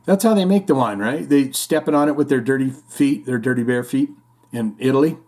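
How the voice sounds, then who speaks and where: A man's voice: medium pitch, brisk, a little mellow. A man hosting a casual music podcast, rambling and joking as he reads out listener comments. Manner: rambling, jokey, puts on silly voices for punchlines. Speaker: podcast host.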